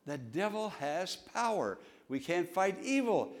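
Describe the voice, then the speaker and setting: A man's voice: sits high, sing-song, a little slow. A man preaching a sermon in a church, with emphatic repetition and call-and-response. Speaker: pastor. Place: church sanctuary.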